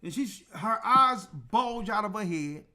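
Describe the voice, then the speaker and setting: A man's voice: sits high, measured pace. A man telling a personal story in a casual, emphatic way, acting out the people in it. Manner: animated, emphatic, acts out dialogue. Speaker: church elder and show host.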